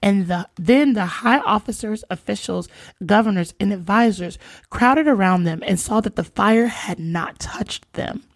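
A woman hosting a casual faith podcast, reading scripture aloud and retelling it with expressive, slangy asides and emphatic repetition. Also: medium pitch, unhurried, dry recording. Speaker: podcast host.

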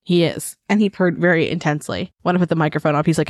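A woman's voice: deep voice, steady tone, quick pace, no echo, clean studio sound. A woman co-hosting a casual podcast, playful and giggly, rambling through jokes. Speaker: podcast co-host. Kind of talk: casual chat.

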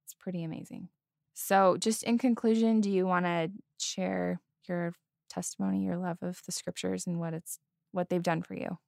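A woman co-hosting a faith podcast speaks earnestly, holding back tears as she shares. Her voice sits low with a gravelly fry. The recording is dry and close. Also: fairly even intonation, moderate pace, darkish tone, dry recording. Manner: earnest, emotional, heartfelt. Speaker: podcast co-host. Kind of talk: casual testimony chat.

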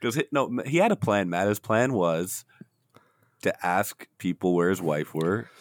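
A man's voice: low-pitched, measured pace, no room sound, studio quality. A man chatting casually about a film, cracking jokes and mimicking characters. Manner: jokey, mimics characters, laughs often. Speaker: podcast co-host.

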